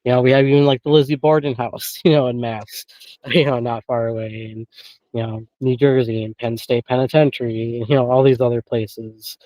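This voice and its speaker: A man's voice: medium pitch, steady tone, moderate pace, dark tone, dry recording, low-quality recording. A man guesting on an interview and chatting casually about paranormal investigating, rambling with many filler phrases and frequent chuckles, over a remote call.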